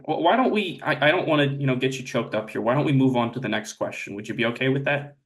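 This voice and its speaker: A young man asking absurd questions as interviewer in a mock interview, earnest and measured. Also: medium pitch.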